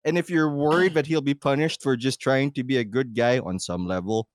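A man's voice: medium pitch, a little fast, dry recording, studio quality. A man co-hosting a podcast, chatting casually, laughing often, swearing and acting out quoted lines. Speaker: podcast co-host. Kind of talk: casual chat.

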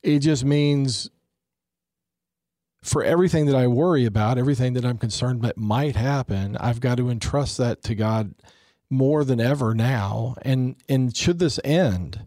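A man's voice: mid-range voice, a little slow, dark tone, no echo, studio quality. A man in his forties, earnest and reflective, talking about faith in a conversation and often repeating words as he starts.

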